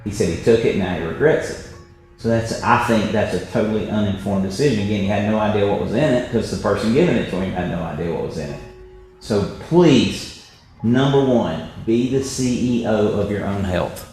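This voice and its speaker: A man's voice: fairly low pitch, a little fast, darkish tone. A man presenting a health webinar, telling stories emphatically and tagging his points with "right?". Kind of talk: motivational health talk. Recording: very echoey room, faint music.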